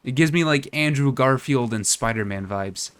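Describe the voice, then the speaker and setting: A man's voice: mid-range voice, moderate pace, a bit bright, a little hiss or hum. A man streaming a game as a VTuber, chatting casually with a hesitant, musing delivery full of restarts. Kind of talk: casual let's-play commentary.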